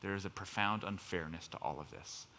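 A man's voice: deep voice, fairly quick, sharp tone, a little hiss or hum. A male pastor preaching a sermon in a conversational, impassioned way, sometimes building to emphatic outbursts. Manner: conversational preaching with fillers like "kind of".

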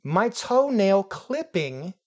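A man's voice: sits high, sing-song, slow pace, a little mellow, pitched above the performer's own voice, exaggerated voice. A man voicing an insulting, self-important male film director with a raised voice. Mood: indignant.

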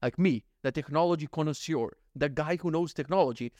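Man, solo podcast host, slightly higher voice, jokey rambling delivery full of swearing, dry close-miked sound. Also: fairly quick, a little mellow, no room sound. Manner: rambling, jokey, swears freely, acts out little scenes. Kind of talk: casual solo podcast monologue.

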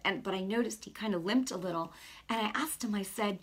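Husky-voiced woman preaching conversationally. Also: medium pitch, fairly quick. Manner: earnest, conversational, lots of "you know" asides. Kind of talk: informal sermon with personal story.

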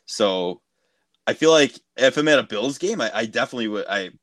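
A man's voice: mid-range voice, brisk, dry recording. Brief: laid-back male podcast host, close dry recording, easy conversational delivery. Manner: relaxed and agreeable, frequent fillers. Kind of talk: casual interview chat.

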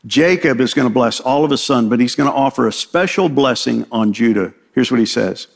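A man's voice: mid-range voice, brisk, creaky. A man preaching a sermon, retelling a scripture story in paraphrased dialogue and checking in with the congregation. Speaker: pastor.

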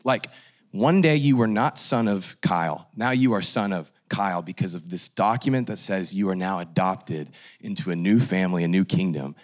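Young man, lowish voice, earnest church testimony, animated and filler-heavy. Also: normal speed. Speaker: guest speaker sharing testimony. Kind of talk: church talk.

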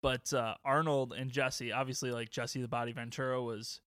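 A man's voice: medium pitch, flat delivery, moderate pace, fairly bright tone, no echo, clean studio sound. A man co-hosting a casual movie podcast, rambling with many restarts and frequent chuckles. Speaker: podcast co-host.

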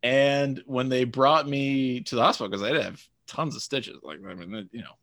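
Man, bright forceful voice, reflective chatty co-host, dry sound. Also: mid-range voice, normal speed, no echo. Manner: reflective, chatty, with frequent ums. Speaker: podcast co-host. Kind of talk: casual chat.

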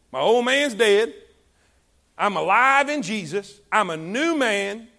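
A preacher delivering a sermon, his voice high and ringing with a bright, sharp edge. He calls on the congregation to repeat after him, pushing hard on key words and then dropping low and soft. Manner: exhorting congregation, call and response; rises and drops in volume for emphasis. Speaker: pastor.

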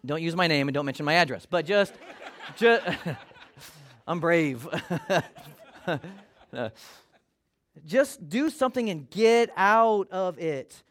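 A man delivers a sermon as a pastor, his voice sitting high for a man. He talks to the congregation in an easy, conversational way and slips into little acted voices for the people he quotes. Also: lively intonation, slow, long pauses, fairly bright tone, a little hiss or hum.

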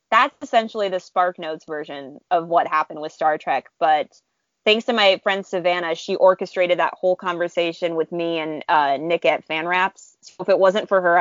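Woman guest, fan artist, lively storyteller, muffled close mic. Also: lowish voice, dry recording. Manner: animated, chatty, frequent laughs and fillers. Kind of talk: casual storytelling interview.

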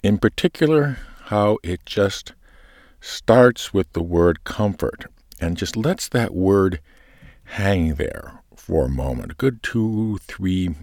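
A man's voice: low-pitched, animated, slow, darkish tone, dry recording, studio quality. A man explaining to church readers how to pace and voice a scripture reading, then demonstrating it. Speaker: lector coach. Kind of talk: reading instruction.

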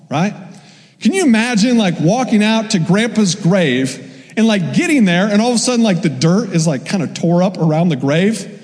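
Pastor, male, high voice, lively sermon with acted-out voices, long hall reverb. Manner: animated, acts out voices of people in the story.

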